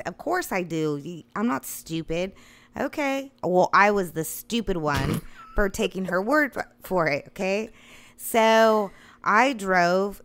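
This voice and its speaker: A woman in her thirties casually telling a long funny story, swearing freely and laughing along the way. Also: medium pitch. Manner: profane, animated, laughing. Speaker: storyteller guest.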